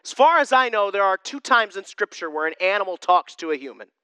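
Male pastor, humorous conversational sermon, high voice, lively pitch, dry sound. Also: a little fast, clear, resonant tone, dry recording.

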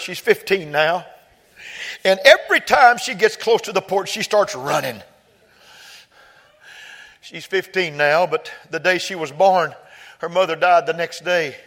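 A pastor preaching a sermon, telling personal stories quietly and then rising to shouted climaxes. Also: male voice, fairly high pitch. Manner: swings from soft storytelling to loud shouted peaks.

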